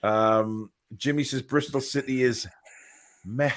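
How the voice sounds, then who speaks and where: A man's voice: mid-range voice, fairly even intonation, slow, fairly bright tone. Hesitant man hosting a football chat. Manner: hesitant, many fillers, reads comments aloud. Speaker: podcast host reading viewer comments.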